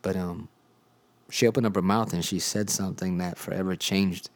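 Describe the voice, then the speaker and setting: Young male podcast host, very low voice, relaxed storytelling testimony with filler words. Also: moderate pace. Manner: conversational storytelling with many fillers. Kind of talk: casual spoken testimony.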